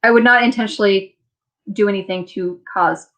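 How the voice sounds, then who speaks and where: A woman's voice: medium pitch, fairly quick, a bit bright. A tired woman hosting a long live chat from home, chatting and rambling as she reads viewer comments and laughs often. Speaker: livestream host.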